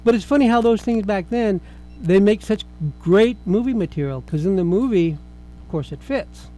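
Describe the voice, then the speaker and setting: A middle-aged man with a high voice hosts a relaxed film review chat. His tone is mellow and soft-edged, and he rambles along, restarting sentences as thoughts occur to him. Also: moderate pace, faint music behind, poor audio. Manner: chatty, rambling, with frequent restarts. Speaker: film review show host.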